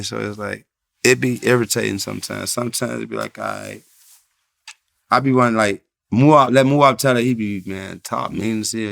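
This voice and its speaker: A rapper from Chicago talking bluntly and profanely in a casual interview, telling stories with laughs. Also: male voice, on the low side, creaky, a bit bright, dry recording, clean studio sound.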